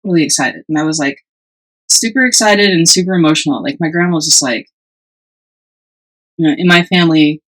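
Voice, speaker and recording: Animated woman telling a personal story. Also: sits low, fairly quick, pauses often, rough recording. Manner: animated, acts out quoted voices, laughs often. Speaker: podcast co-host. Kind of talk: casual storytelling chat.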